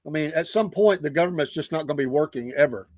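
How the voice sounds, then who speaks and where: A middle-aged man hosts a casual livestream, chatting and telling stories while laughing often. His voice sits a little high and moves fast, and the recording is dry.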